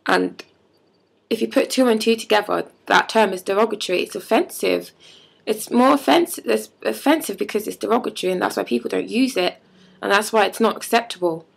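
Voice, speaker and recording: Young woman, heavy vocal fry, breathy husky tone, heated casual vlog rant. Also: medium pitch, fairly quick. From London. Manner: heated, frequent "like" fillers. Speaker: vlogger.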